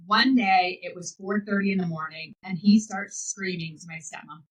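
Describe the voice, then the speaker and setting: A woman hosting a podcast as a life coach, giving an energetic, enthusiastic motivational talk. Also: medium pitch, moderate pace, low-quality recording. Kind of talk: motivational monologue.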